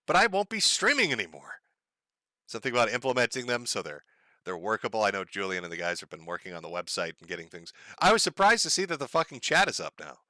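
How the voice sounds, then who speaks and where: A man's voice: medium pitch, pushed and bright, no echo. A man from the United States hosting a casual livestream, talking in a profane, sardonic way and chuckling often. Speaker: livestream host.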